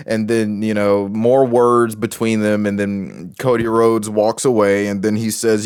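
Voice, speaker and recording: A man's voice: fairly low pitch, flat delivery, a little slow, few pauses, darkish tone, clear, resonant tone, dry recording, studio quality. A man giving casual commentary as a wrestling show reviewer, rambling with many restarts and fillers.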